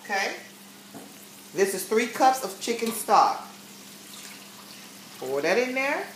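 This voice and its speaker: A woman's voice: a little high, very animated, takes it slowly, slight background noise. A woman chatting casually through a home cooking demonstration in her kitchen, often checking in with her viewers with "okay?". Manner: chatty, tags sentences with "okay?" and "you guys". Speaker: home cook vlogger. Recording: roomy kitchen with faint sizzle. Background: pan sizzling.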